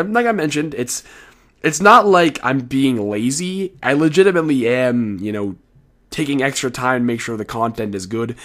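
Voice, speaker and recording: Rambling teenage guy, late-night commentary. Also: mid-range voice. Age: teens. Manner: rambling, frank, swears casually. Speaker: video creator. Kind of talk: casual solo commentary.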